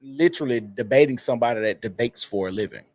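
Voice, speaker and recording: A man's voice: medium pitch, fast, a little mellow, no echo. A man co-hosting a podcast, laid-back and opinionated. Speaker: podcast co-host. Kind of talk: casual commentary chat.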